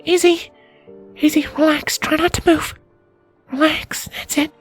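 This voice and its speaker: A hushed young girl, voiced by a woman in a storybook reading, her very high voice soft and coaxing. She murmurs gently as if calming a frightened pet. Faint music plays underneath. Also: normal speed. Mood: soothing. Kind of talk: audiobook character reading.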